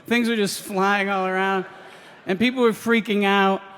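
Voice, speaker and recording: A man's voice: high voice, steady tone, moderate pace, a bit bright, clean tone, big-room sound. A man doing live stand-up storytelling, hesitant and full of ums, laughing through his lines. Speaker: stand-up comedian. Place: live radio stage before an audience.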